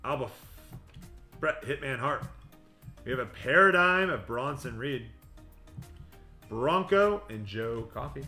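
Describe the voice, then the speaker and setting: A man hosting a livestream card break, rattling off player names with quick joking asides. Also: mid-range voice, pushed and bright. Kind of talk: livestream card-opening patter. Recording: echoey room with music behind.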